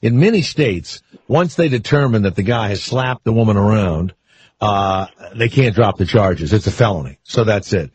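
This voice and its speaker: A man's voice: fairly low pitch, expressive, normal speed, darkish tone, a little hiss or hum. An older man hosting a talk radio show, rambling and wisecracking in loose asides with callers and co-hosts. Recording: muffled lo-fi radio broadcast.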